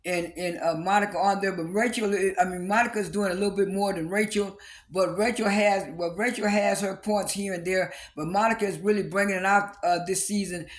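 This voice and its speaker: A man with a high voice talks through a reality TV episode, one scene at a time. He speaks casually and haltingly, stops often on fillers, and repeats his words as he goes. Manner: briefly acts out quoted cast lines with raised pitch. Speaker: reality TV recap vlogger. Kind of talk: casual spoken episode recap.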